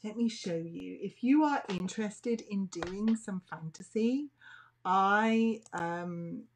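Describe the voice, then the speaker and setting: Teaching a nail art class, a woman with a fairly low voice and some vocal fry chats casually and thinks aloud while she works, as in a relaxed tutorial demonstration.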